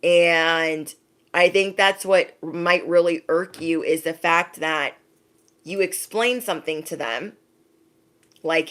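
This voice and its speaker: A woman's voice: lowish voice, slow, a bit bright. A woman giving a casual spiritual pep talk, speaking emphatically, repeating her points, and often asking "okay?". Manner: emphatic, repeats phrases, direct address with frequent "okay?". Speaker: spiritual reader.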